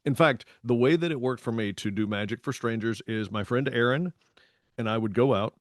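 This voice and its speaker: Guy cohosting a podcast, animated storyteller, dry close mic. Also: mid-range voice, fairly quick, no room sound. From Tennessee, US. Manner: animated storytelling with voiced quotes. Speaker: podcast co-host. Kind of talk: casual chat.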